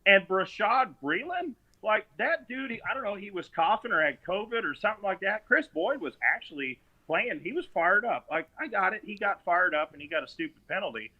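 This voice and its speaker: Animated man ranting on a sports podcast. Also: high-pitched, a little fast, few pauses, highs cut off. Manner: animated, mocking, does exaggerated voices. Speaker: podcast host.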